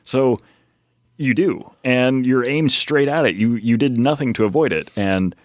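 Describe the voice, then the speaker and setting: A man, a startup founder on a podcast, speaking haltingly in casual interview chat with many fillers. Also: mid-range voice, no room sound, clean studio sound.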